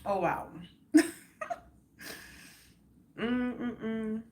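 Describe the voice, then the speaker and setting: Slow, reflective woman live streaming. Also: on the high side, a little hiss or hum. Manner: reflective, unhurried, peppered with "like" and "oh my goodness"; emotional, reacting to viewers' comments. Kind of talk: casual live stream chat.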